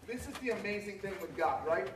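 A middle-aged male pastor preaching with a notably high voice, rising from relaxed storytelling into loud, ringing calls. He is picked up by a cellphone some way off, so the sound is roomy, with a faint hum of ambience behind him. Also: brisk. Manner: builds to loud, high-pitched preaching peaks. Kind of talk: sermon. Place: church sanctuary. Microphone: cellphone from a distance. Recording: echoey cellphone livestream from far off.

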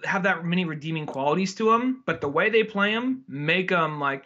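A man's voice: on the high side, lively intonation, brisk, hardly any pauses, bright, forceful tone. Rambling man in lo-fi podcast chat. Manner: rambling, swears, acts out movie scenes in voices. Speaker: podcast host. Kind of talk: casual movie review chat.

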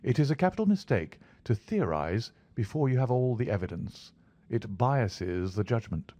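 A man reading the part of a calm, aloof male detective, cool and unhurried in manner. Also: mid-range voice, dry recording. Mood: measured.

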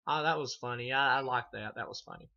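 A man's voice: medium pitch, fast, gravelly, pushed and bright, lo-fi sound. A man giving a casual, profane film review, rambling and laughing as he retells scenes. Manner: rambling, swears a lot, laughs often. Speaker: movie reviewer.

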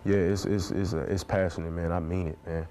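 With a low, warm voice and flat, brisk delivery, a man in his twenties talks earnestly in an interview, full of preacher-like conviction and saying "man" in nearly every phrase. A little hiss or hum is audible.

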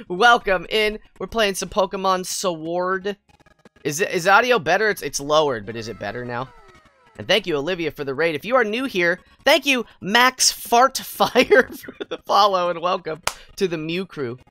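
A woman livestreaming a game, chatting with viewers in a bubbly, goofy way, jumping between squeals and quiet mutters. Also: on the low side, sing-song, normal speed, dry recording. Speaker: VTuber game streamer. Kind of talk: casual livestream chat with viewers. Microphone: headset mic. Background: faint game music.

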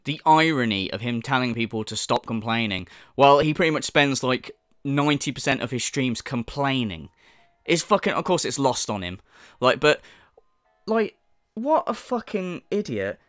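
A man's voice: medium pitch, lively intonation, normal speed, fairly bright tone, dry recording, studio quality, soft background music. Sneering, profane man ranting. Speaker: commentary channel host. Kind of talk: ranting commentary.

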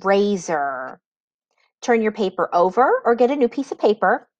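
A woman teacher giving a spelling lesson, dictating words slowly and patiently with clear enunciation. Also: medium pitch, big pitch swings, a little mellow, no room sound, highs cut off.

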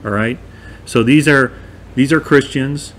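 A man's voice: mid-range voice, a little slow, a bit bright, a little hiss or hum. A man teaching a verse-by-verse bible study in a conversational, emphatic way, often checking in with his listeners.

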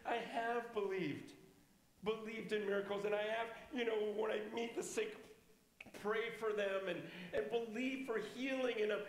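A man's voice: sits high, steady tone, moderate pace, roomy sound. A man in his fifties teaching a healing class as a pastor, telling stories and acting out the people in them. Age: 50s. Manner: storytelling, acting out quoted dialogue. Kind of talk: sermon.

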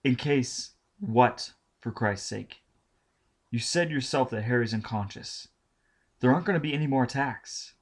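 A man's voice: medium pitch, a little slow, voice pushed up. A man voicing an irritable, anxious male psychologist who speaks in an urgent, edgy way. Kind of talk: audiobook reading.

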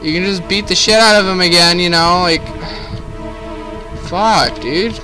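A man's voice: sits high, unhurried, bright, forceful tone, faint music behind. A young man giving let's play commentary, exasperated and swearing heavily, talking straight to the game. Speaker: gaming video host.

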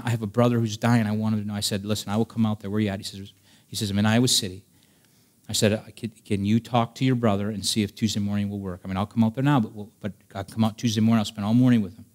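A man preaching a sermon as a pastor, earnest, swinging between emphatic raised passages and quiet storytelling. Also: lowish voice. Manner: earnest preaching, rising to emphatic peaks, dropping soft for stories.

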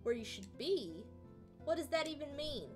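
A woman reading aloud the lines of a reproachful middle-aged mother from a game, in a mostly natural, high voice. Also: big pitch swings, normal speed, faint music behind.

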